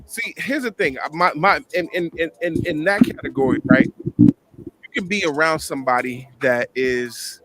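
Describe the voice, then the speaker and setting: A man co-hosting a podcast, giving measured counterpoints in a casual debate, with frequent stops and restarts. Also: fairly high pitch, animated, background noise. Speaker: podcast co-host.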